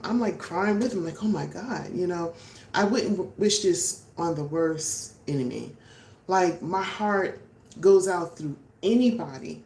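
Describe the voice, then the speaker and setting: A woman's voice: fairly low pitch, a little mellow. A middle-aged woman hosting a casual live stream, talking in a rambling way with many fillers and restarts. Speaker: vlog host. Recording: echoey room, faint background noise.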